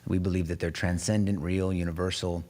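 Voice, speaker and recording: A man's voice: deep voice, flat delivery, brisk, darkish tone, slight background noise. A man hosting a faith discussion podcast, earnest and emphatic, recorded in a home garage. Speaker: podcast host. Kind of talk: casual podcast talk.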